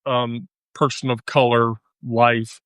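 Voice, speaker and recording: A woman hosting a live stream, telling a story in casual chat, animated and profane, laughing often. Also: rumbling low, slow, clean tone, no room sound.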